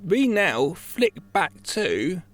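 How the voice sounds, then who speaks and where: Man, podcast co-host, excitable film chat, lively swooping voice, slightly high. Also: very slow. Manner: excitable, animated storytelling with sudden jumps in pitch. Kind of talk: casual film discussion.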